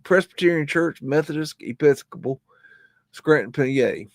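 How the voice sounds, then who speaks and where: A man's voice: fairly high pitch, moderate pace, no echo. A man hosting a live stream, rambling casually as he comments on old photos and scolds his dog in between.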